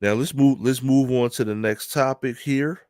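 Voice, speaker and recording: A man from Philadelphia giving casual, animated opinion commentary to his viewers, laughing often and talking straight to them. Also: medium pitch, normal speed, no room sound, clean studio sound. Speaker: news commentary streamer.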